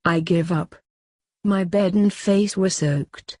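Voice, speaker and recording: A woman reading a crude story aloud in a deadpan, sardonic manner. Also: lowish voice, slow pace, dry recording, studio quality. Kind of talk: scripted story narration.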